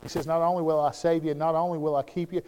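A man with a Southern US accent preaches a sermon in a fairly high voice, and the long reverb of a church hall trails after every phrase. He swings from loud, shouted declarations to quiet, conversational storytelling. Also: flat delivery, quick pace, slight background noise. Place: church sanctuary.

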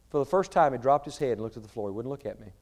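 A man preaching a sermon, swinging between shouted fervor and quiet storytelling. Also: medium pitch. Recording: reverberant large hall.

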